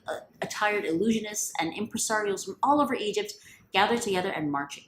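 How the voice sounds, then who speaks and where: A woman's voice: mid-range voice, a little fast, slight background noise. A woman retelling a religious story in a playful, chatty, slangy way. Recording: roomy echo.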